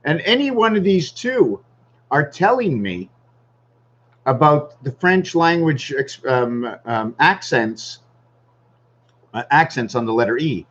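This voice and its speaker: A man's voice: fairly high pitch, very animated, takes it slowly, long pauses, a bit bright, muffled recording. A man rambling in a casual vlog monologue at home, thinking aloud and wandering from topic to topic. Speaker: vlogger.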